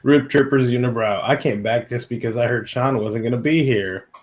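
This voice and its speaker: A man's voice: medium pitch, normal speed. A man co-hosting a casual live-stream show, joking and cursing with stumbling restarts. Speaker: co-host.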